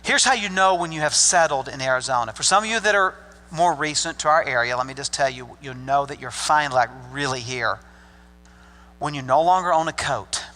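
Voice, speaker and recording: A man's voice: a little high, brisk, bright, forceful tone. An older man from Arkansas preaching a sermon as pastor, folksy and joking with the congregation. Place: church sanctuary. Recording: long hall reverb.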